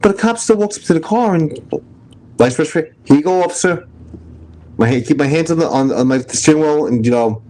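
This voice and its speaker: A man's voice: fairly high pitch, animated, fairly quick, a little mellow, slight background noise. Blunt, profane New York man. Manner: blunt, profane, storytelling with acted-out dialogue. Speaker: show host, retired police officer. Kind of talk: casual live-stream chat.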